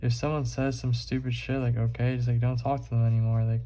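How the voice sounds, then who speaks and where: A man's voice: mid-range voice, little pitch movement, fast talker, dark tone. A young man vlogging while he draws, rambling casually with lots of fillers and swearing. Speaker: art vlogger.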